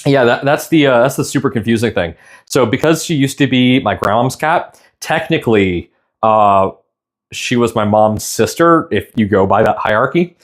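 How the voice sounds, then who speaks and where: On a live stream, a young man rambles tenderly in casual conversation, pausing at times to apologize while tearing up. His medium-pitched voice is animated and his pace moderate.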